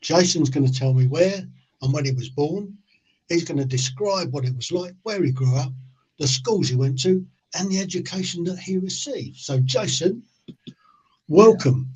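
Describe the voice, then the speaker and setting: Husky English podcast host, chatty. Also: male voice, fairly high pitch, animated, moderate pace, a little mellow. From England. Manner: chatty, laughs often, tells anecdotes. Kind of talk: casual interview chat. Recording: dull lo-fi sound.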